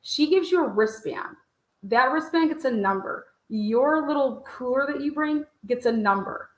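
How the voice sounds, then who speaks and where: Woman telling a story in an interview, blunt and lively, kinda high voice, roomy echo. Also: moderate pace. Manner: blunt and animated, swears freely, laughs while telling. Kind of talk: casual storytelling.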